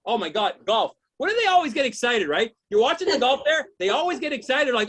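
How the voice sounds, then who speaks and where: A man's voice: very high-pitched, sing-song, fast, few pauses, a bit bright. A man doing a stand-up routine, ranting in exasperation, swearing often and keeps asking the crowd if they know what he means. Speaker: stand-up comedian.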